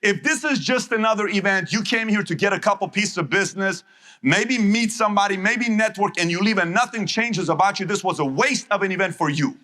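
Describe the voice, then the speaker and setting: A middle-aged man giving a live motivational talk to an audience, emphatic and acting out quick back-and-forth dialogues. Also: high voice, bright, forceful tone. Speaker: motivational speaker.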